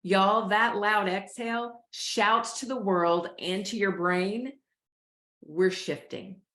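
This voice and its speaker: A woman hosting a show, calmly coaching listeners through a breathing exercise. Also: mid-range voice, slow, echoey room. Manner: calm, coaching, addresses listeners as "y'all". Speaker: host, life coach. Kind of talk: guided breathing instruction.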